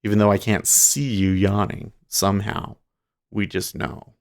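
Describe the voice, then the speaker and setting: A man hosting a day trading livestream, casually thinking out loud in a relaxed, drowsy, rambling way. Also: lowish voice, measured pace, vocal fry. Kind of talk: casual live market commentary. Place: home trading desk with large screens.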